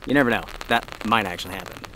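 Speaking quickly in a lowish voice, a North Carolina man gives casual narration to his camera from beneath a tarp in a rain-soaked forest. He's easygoing and talks right to his audience, occasionally out of breath, with steady rainfall audible on the mic.

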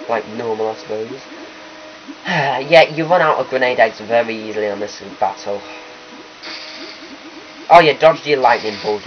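A man's voice: on the low side, slight background noise. A man hosting a let's play, talking through gameplay in a rambling, chatty way that keeps correcting itself. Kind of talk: gameplay commentary. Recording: lo-fi capture with faint game music.

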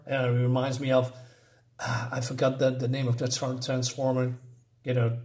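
A man casually reviewing a comic book and recapping its story, often halting and restarting as he searches for words. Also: mid-range voice, a bit bright.

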